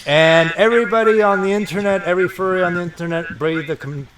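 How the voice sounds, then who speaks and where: A man's voice: high-pitched, steady tone, fast, a bit bright, a little hiss or hum, low-quality recording. A man co-hosting a casual podcast, recapping news and laughing easily. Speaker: podcast co-host.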